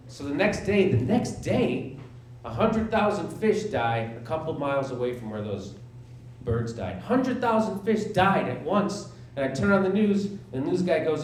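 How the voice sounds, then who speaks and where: A man in his forties performs stand-up on a small theater stage before a live audience, sarcastic and incredulous, doing mock voices for the dialogue he acts out. His voice is on the high side with big pitch swings at a moderate pace. The live sound is roomy, with laughter from the crowd.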